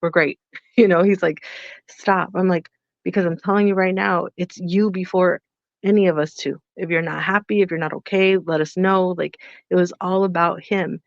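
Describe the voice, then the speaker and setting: A middle-aged woman co-hosting a podcast, telling animated stories about her son and quoting what each of them said. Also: lowish voice, moderate pace, creaky, no room sound. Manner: animated storytelling, quotes herself and her son. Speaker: podcast co-host. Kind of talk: casual chat. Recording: dull lo-fi podcast mic.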